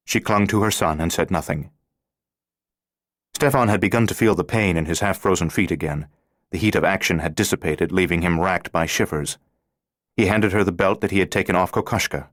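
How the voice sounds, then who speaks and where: Deep-voiced male audiobook narrator. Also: fairly quick, no echo, clean studio sound. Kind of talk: scripted narration.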